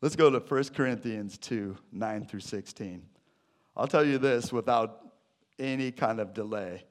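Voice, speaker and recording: A man preaching a sermon to his church, animated and jokey, with sudden loud bursts. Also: on the low side, unhurried. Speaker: pastor.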